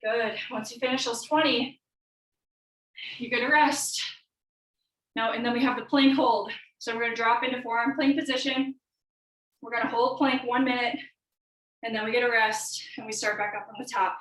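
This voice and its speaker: A woman's voice: on the high side, fairly even intonation, moderate pace, pauses often, a bit bright. A young woman fitness coach leading a live workout class, calling out encouraging cues and countdowns while a little out of breath. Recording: echoey room, from far off.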